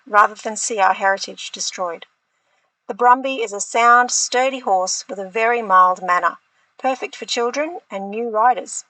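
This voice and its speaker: A woman narrating a farm vlog with warm enthusiasm. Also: on the high side, dry recording, poor audio. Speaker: off-grid farm vlogger.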